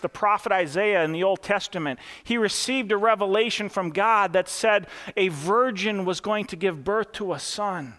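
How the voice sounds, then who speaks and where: A man's voice: high-pitched, a bit bright, long reverb tail. A male pastor in his thirties preaching in a folksy, storytelling way, with frequent fillers. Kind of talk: sermon.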